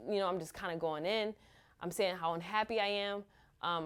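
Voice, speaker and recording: A woman, a mother, candidly telling her own story in a halting, open way full of fillers. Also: mid-range voice, steady tone, a bit bright, clear, resonant tone. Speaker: mother sharing her experience.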